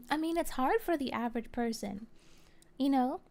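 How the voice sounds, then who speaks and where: A woman streamer chatting casually and answering viewer comments, rambling and halting with many fillers. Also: sits high. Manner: soft and gentle, with small laughs.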